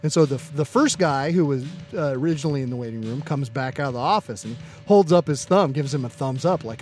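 Lively, casual male podcast co-host. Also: mid-range voice, fairly quick, faint music behind. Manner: swears freely, lots of fillers. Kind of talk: casual chat and joke telling.

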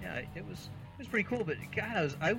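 A man's voice: sits high, animated, quick pace, creaky, over music, poor audio. A man in his thirties from the United States, a podcast co-host telling rambling, exasperated, self-mocking comic stories. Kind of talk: casual comedic storytelling.

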